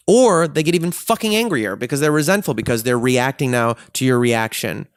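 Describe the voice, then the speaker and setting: A man's voice: mid-range voice, animated, brisk, hardly any pauses, dry recording, clean studio sound. A man speaking in a frank, profane and emotionally intense way, reflecting on himself in a personal monologue. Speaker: vlogger.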